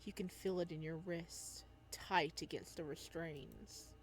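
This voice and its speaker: A woman playing a game, reading its narration aloud and reacting excitedly, talking back to the character. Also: sits low, takes it slowly, soft background music. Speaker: game player.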